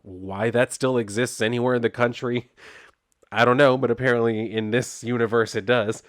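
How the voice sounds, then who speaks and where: A man's voice: medium pitch, fairly even intonation, normal speed, fairly bright tone, dry recording, studio quality. A man casually reviewing a comic book, retelling it in a loose, chatty way with lots of "like". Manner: chatty, laid-back, heavy use of "like", loose retelling.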